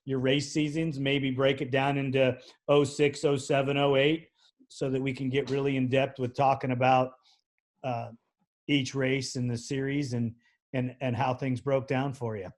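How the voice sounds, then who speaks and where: A man's voice: mid-range voice, flat delivery, moderate pace. A man hosting a podcast interview, easygoing, speaking with hesitant fillers. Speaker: podcast host. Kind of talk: interview host.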